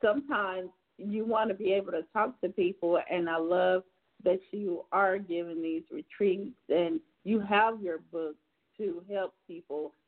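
A woman's voice: medium pitch, measured pace. Chatty woman host on a tinny line. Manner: chatty, leans on "you know" fillers. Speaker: talk show host. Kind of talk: casual chat with a guest and callers.

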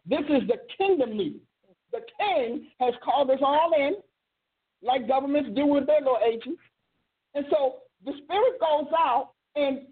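A woman who hosts a ministry show, teaching a sermon with emphatic storytelling and drawn-out stresses, in a husky voice. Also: high-pitched. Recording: tinny phone-line sound.

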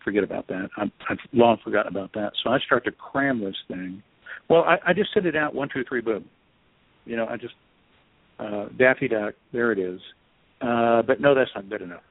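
A man, an author guest in an interview, telling a story in an animated, self-deprecating way over a phone line. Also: medium pitch, a little fast, no echo. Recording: tinny dry phone line.

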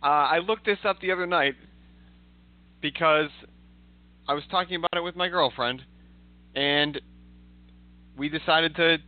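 A man's voice: on the high side, a little slow, long pauses. A man co-hosting a casual podcast chat, making wry, jokey asides. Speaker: podcast co-host. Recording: dry, tinny phone-like line.

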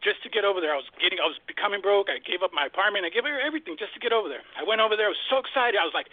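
A man's voice: sits high, very fast, dry recording. A man telling a story in an earnest, rambling way during a casual chat, heard as a guest. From Mexican heritage. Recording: tinny phone-line sound.

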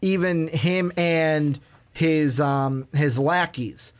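A man's voice: fairly high pitch, drawn-out words. A man co-hosting a casual movie review podcast, rambling with lots of "like" and acting out scenes as he retells them. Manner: rambling, peppered with "like". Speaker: podcast co-host.

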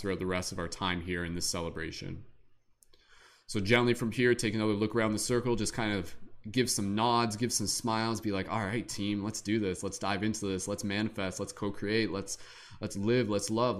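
A man hosting a livestream, leading a slow, gentle guided meditation. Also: on the low side. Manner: slow, soothing, gentle guiding. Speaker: meditation leader and show host.

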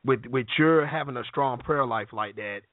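A man's voice: medium pitch, moderate pace, no echo, phone-quality sound. A man hosting an interview, affirming and encouraging his guests. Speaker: podcast host.

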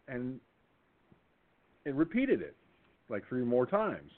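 A man hosting a call-in radio show, telling a rambling anecdote in a casual, animated way with many restarts. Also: medium pitch, takes it slowly. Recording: tinny phone line.

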